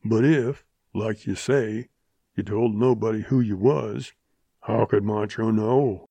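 A man voicing a grumbling, irritable old one-legged rancher with a gruff western drawl. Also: on the low side, steady tone, takes it slowly, warm tone, dry recording, full character voice. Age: older.

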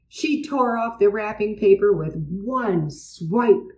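Storybook narrator, woman, unhurried, mellow, roomy distant mic. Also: mid-range voice, highs cut off. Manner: expressive, changes voices for characters. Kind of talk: storybook read-aloud.

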